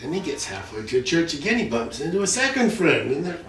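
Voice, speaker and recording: A middle-aged man telling a long joke at home, animated, repeating "he says" between lines. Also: a little high, fairly quick, a little hiss or hum. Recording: echoey room, recorded from far off.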